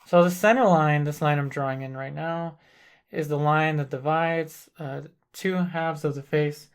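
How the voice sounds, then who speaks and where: A man demonstrating a portrait painting as an instructor, calmly thinking aloud while he works. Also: fairly high pitch, smooth. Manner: thinks aloud while working, calm and deliberate.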